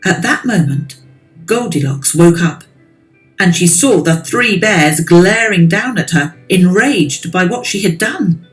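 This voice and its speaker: A woman narrating a children's storybook in a slow, expressive, lilting way. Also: on the low side, soft background music, poor audio.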